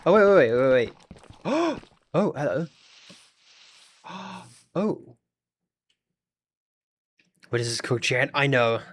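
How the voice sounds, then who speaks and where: A man's voice: on the high side, big pitch swings, slow, pauses often. A man with an Australian accent, chatting casually with his audience during a gaming livestream in a rambling, talkative way. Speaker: streamer.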